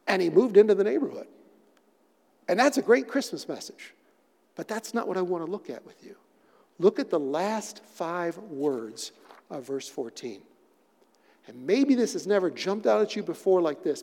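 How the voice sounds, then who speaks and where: High-voiced male pastor preaching in a reverberant hall. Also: darkish tone. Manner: expository preaching, dramatic pauses and emphatic repetition. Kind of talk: sermon. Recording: long reverb of a large hall.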